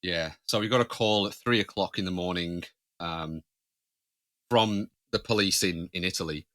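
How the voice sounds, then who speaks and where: A man's voice: low voice, normal speed, fairly bright tone. A man co-hosting a podcast, telling family stories in casual chat, laughing often and acting out voices. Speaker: podcast co-host.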